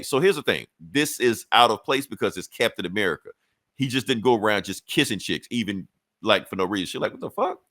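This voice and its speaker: A man casually recapping a comic story on a podcast, swearing freely and acting out the characters' lines in quick bursts. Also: on the low side, a bit bright, dry recording. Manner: loose, profane storytelling with quick acted-out quotes. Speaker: comic book podcast host.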